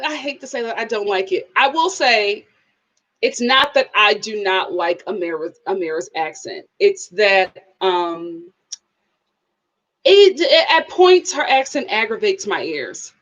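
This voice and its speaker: A woman hosting a live TV review, talking in an expressive, animated way and responding to viewers. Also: mid-range voice. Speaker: host of a TV review channel.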